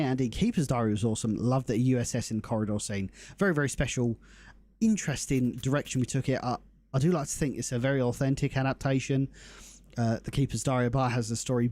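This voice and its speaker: A young man hosts a game live stream. His voice is mellow and warm, at a middling pitch. He chats casually and upbeat, greeting his viewers by name. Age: young adult. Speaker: livestream host.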